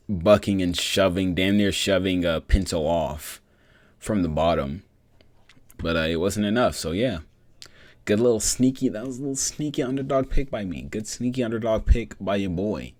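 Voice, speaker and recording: A young man with a very deep voice talks through fights in a loose, rambling vlog, swearing freely and getting worked up. His voice sits close and dry on the mic with no room around it. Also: dry recording. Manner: profane, rambling, excitable. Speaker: MMA vlogger. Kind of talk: casual fight breakdown.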